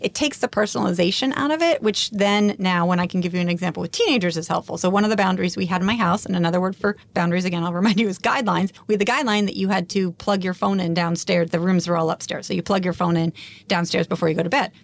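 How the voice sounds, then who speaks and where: A woman life coach, a podcast guest, explaining her ideas in brisk, chatty speech and laughing often. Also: lowish voice, gravelly. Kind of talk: casual podcast conversation.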